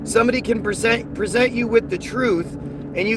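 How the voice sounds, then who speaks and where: A man's voice: extremely high pitch, a little fast. A man from the United States livestreaming from a car as he drives, reading viewers' chat aloud and ranting in rambling, repetitive talk. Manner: rambling, repeats words, ranting. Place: inside a car while driving. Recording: car and road noise behind.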